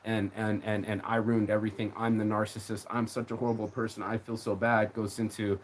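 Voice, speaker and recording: A man's voice: lowish voice, little pitch movement, fairly quick, slight background noise. A man ranting on a live stream in a rambling, emotional way, swearing often and repeating his words. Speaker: livestreamer. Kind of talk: casual rant on a live stream.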